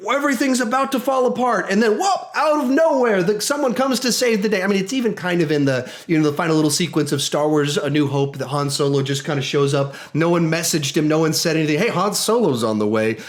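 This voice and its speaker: A man giving a casual spoken movie review, enthusiastic and animated, often restarting his sentences and acting out quotes. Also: high voice, fast talker, few pauses.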